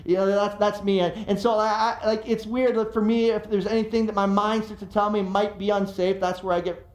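A middle-aged man preaching a sermon as pastor, telling stories in an animated, emphatic way. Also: high voice, brisk. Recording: echoey room.

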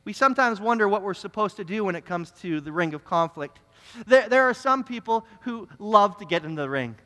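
A young man, a pastor telling a story in his sermon, earnest and animated, often repeating words as he goes. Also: high-pitched, a little fast. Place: church sanctuary. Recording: reverberant church hall.

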